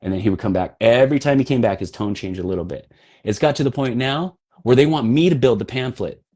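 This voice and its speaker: A man's voice: medium pitch, warm tone. A man on a podcast, telling stories bluntly and swearing as he talks. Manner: blunt, profane storytelling. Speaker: podcast guest, health coach. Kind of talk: casual podcast conversation.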